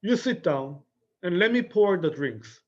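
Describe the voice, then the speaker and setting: A man's voice: high-pitched, expressive, unhurried, lo-fi sound, voice pushed up. A Korean-accented male teacher voicing a worried, caring younger sister, with a soothing, coaxing delivery.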